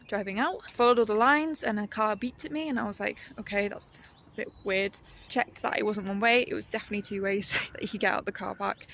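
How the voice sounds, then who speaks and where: A woman, chatting casually in her vlog and laughing often as she talks herself calm. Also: medium pitch, gravelly, a little hiss or hum. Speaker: artist vlogger. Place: outdoors on a walk, then at home.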